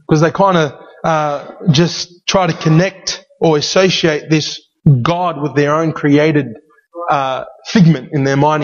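A man preaching a sermon as pastor, emphatic and given to repeating key phrases. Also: a little high. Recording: dull sound with long hall reverb.

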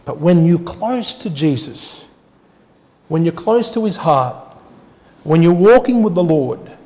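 A male pastor preaching a sermon with emphatic swings between loud declarations and quiet asides, often putting rhetorical questions to the congregation. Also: long reverb tail. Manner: emphatic, rising to loud declarations then dropping low.

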